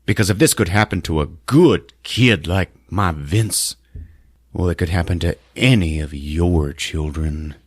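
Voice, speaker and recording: A man voicing a grave small-town father giving a slow, solemn speech. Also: deep voice, husky, dry recording, clean studio sound.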